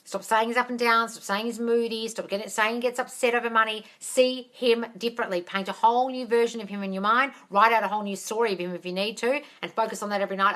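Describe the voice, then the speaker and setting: Bright-voiced woman hosting a live Q&A. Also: fairly high pitch, fairly even intonation, fast talker, hardly any pauses. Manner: chatty, emphatic, laughs often; addresses viewers as darling. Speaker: manifestation coach. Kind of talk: live-stream Q&A. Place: at home, on a phone live stream. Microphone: phone.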